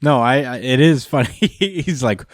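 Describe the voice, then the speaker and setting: A man co-hosting a comics podcast at a middling pitch. He recaps the story loosely with lots of fillers and playful quoted voices. The sound is close and dry. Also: expressive, moderate pace, dry recording. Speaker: podcast co-host. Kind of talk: casual comics discussion.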